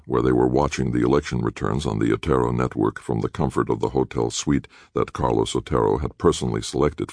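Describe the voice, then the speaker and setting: A man reading an audiobook in an expressive, varied scripted narration. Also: extremely low pitch, creaky, dry recording, studio quality.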